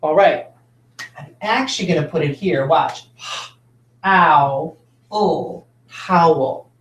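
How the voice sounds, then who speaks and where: A man's voice: a little high, slow pace, fairly bright tone, reverberant. A male teacher giving a patient phonics lesson to children, coaxing them along with tag questions.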